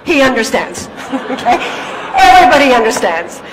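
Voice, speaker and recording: A woman's voice: high voice, very animated, normal speed, long reverb tail, over a noisy crowd, heavy background noise. A woman giving a stage talk in her native English, telling stories and asking the audience rhetorical questions. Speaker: public speaker.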